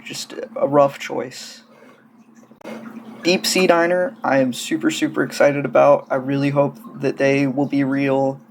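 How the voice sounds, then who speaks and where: A man's voice: mid-range voice, completely flat delivery, moderate pace, gravelly, few pauses, darkish tone, slight background noise. A man casually gushing and rambling through hobby news in a vlog, coming down with a cold and sounding feverish. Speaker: doll-hobby vlogger.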